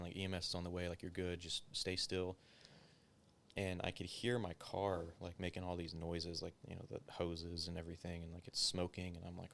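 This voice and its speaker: Low-pitched and creaky but fairly bright, this man's voice comes with a little hiss or hum. He's an ex-cop recounting a story during a relaxed interview, full of profanity and constant "like" fillers.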